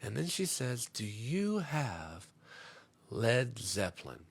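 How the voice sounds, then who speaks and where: A middle-aged man on a comedy podcast telling a profane story, swinging between loud outbursts and muttered asides. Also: medium pitch, sing-song, takes it slowly, gravelly, slightly rough. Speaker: podcast host.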